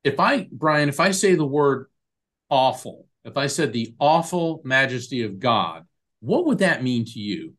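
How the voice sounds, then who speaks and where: A man's voice: mid-range voice, a little slow. A man, a guest on a podcast interview, telling stories animatedly and acting out the voices of people he quotes. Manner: animated storyteller who acts out quoted voices. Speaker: guest, medium and lawyer.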